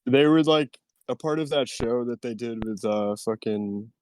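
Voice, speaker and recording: A man's voice: medium pitch, unhurried, darkish tone, smooth, no room sound, studio quality. A young man hosting a casual podcast chat, laid-back, swearing casually and laughing often. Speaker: podcast host.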